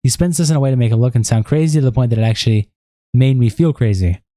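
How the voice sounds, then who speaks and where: A man with a mellow, relaxed voice reads out statements and messages in a plain, steady way. The recording is dry and close, with no room sound. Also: mid-range voice, fast, dry recording. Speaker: online commentator. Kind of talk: reading messages and statements aloud.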